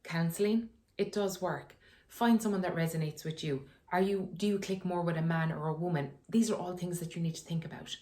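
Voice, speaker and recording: Low-voiced woman giving frank advice. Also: a little fast, mellow. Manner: frank, conversational, laughs often. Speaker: wellness vlogger. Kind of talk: candid personal advice talk. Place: her sitting room at home.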